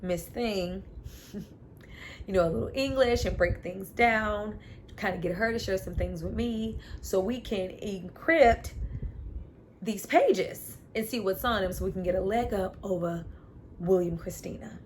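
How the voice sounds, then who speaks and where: A woman's voice: mid-range voice, a little slow, slight background noise, natural voice. A woman doing an earnest young son. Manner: earnest, rambling.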